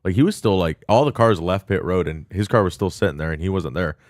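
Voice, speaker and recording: A man's voice: deep voice, fast, a little mellow, dry recording. A young man co-hosting a podcast, chatting casually and laughing often as he tells stories. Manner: laid-back, laughs often while telling stories. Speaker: podcast co-host. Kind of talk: casual chat.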